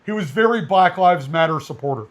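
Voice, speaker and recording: High-voiced blunt man co-hosting a podcast. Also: a little fast. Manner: blunt, animated storytelling. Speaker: podcast co-host, firearms instructor. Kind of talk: casual podcast chat.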